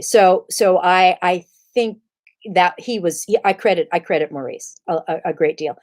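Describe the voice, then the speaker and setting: A woman's voice: lowish voice, normal speed. A woman, an actress as guest, telling stories in an interview over a video call and acting out the voices she quotes. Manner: animated, acts out quoted voices. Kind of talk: interview storytelling.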